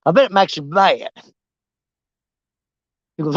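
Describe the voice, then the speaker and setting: Expressive and on the high side, this man speaks a little slowly with long pauses, recorded dry with dull audio. During a casual fishing livestream on a riverbank, he rambles to his viewers and teases the fish.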